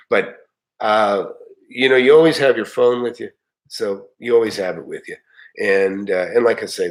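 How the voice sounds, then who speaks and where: A man's voice: lowish voice, low-quality recording. Rambling folksy middle-aged man. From United States. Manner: rambling, folksy, many fillers and restarts. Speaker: live-stream host. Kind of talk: casual live chat.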